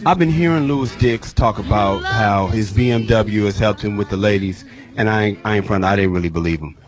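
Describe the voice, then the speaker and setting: A man's voice: on the low side, fairly quick. A man co-hosting a radio talk show, telling a playful story while reading a sponsor spot. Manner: storytelling, playful, does voices. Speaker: radio co-host. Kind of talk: casual radio banter and live ad read. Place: radio studio.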